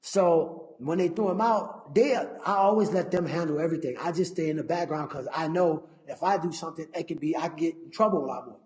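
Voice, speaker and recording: A man, a fighter and interview guest, telling stories casually, profane and animated, acting out his own past lines. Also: fairly high pitch, brisk, few pauses. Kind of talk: casual storytelling. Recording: echoey room.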